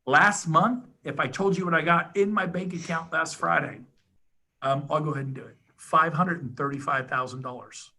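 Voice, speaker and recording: Fired-up middle-aged man pitching hard. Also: pushed and bright. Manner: fired-up, rapid, emphatic, salesy. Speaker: podcast guest, real estate agent. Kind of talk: enthusiastic sales pitch.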